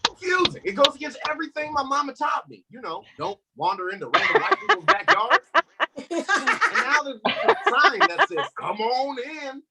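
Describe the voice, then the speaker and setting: A man's voice: extremely high pitch, moderate pace, very noisy. A young man doing a stand-up comedy set, telling stories and acting out the people in them. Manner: animated storytelling, acts out quoted voices.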